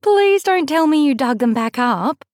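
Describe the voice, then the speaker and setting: A woman narrator voicing a brash, foul-mouthed young woman friend in an audiobook, pitching her voice up and louder, with a giggly, swearing manner. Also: lively intonation, measured pace, no room sound, clean studio sound. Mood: incredulous. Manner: loud, high and giggly, swears freely. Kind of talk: audiobook character voice.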